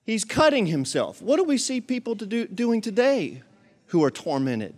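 A man delivering a sermon in a noticeably high voice. He reads scripture aloud, then breaks into casual, animated explanation with jokes and asides to his listeners. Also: normal speed. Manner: jokes and talks to the congregation. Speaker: pastor.

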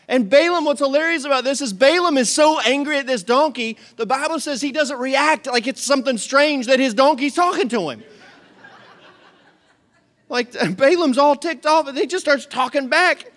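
A middle-aged man preaching a sermon, telling a story with lively acted-out voices and frequent laughter. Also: extremely high pitch, normal speed. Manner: animated storytelling, acts out voices, laughs often. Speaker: pastor.

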